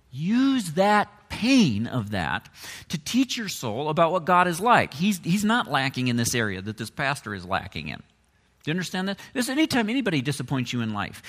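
A man preaching a sermon as a pastor, talking conversationally and swinging from quiet asides to emphatic, rising points. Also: fairly high pitch, long reverb tail.

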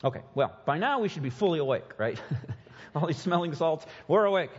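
Guy preaching a sermon, really lively ups and downs, kinda husky, dull lo-fi sound with a long church echo. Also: on the high side, fairly quick. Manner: animated preaching with mocking put-on quotes. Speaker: pastor.

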